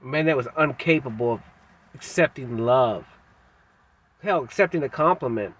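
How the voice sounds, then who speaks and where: Husky-voiced man musing bluntly. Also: mid-range voice, expressive, a bit bright. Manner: halting, reflective, with frequent pauses and fillers; blunt and self-critical, casual slang. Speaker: vlogger. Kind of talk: candid personal monologue.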